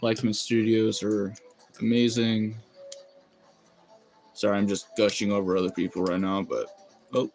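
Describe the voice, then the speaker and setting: A man's voice: fairly low pitch, flat delivery, normal speed, pauses often, a little mellow, soft background music. A man chatting casually on a live stream, rambling and laughing often as he reacts to chat. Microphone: phone.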